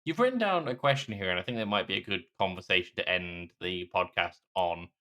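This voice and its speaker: A man's voice: low-pitched, expressive, a little fast, bright, forceful tone. A British man co-hosting a podcast in casual chat, with laconic, dry reactions. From Britain. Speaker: podcast co-host.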